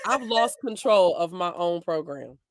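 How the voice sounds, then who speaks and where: A woman's voice: lowish voice, lively intonation, measured pace, slight background noise. A woman hosting a faith-based program, teasing her guests and breaking into laughter. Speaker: host. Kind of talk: playful chat with guests.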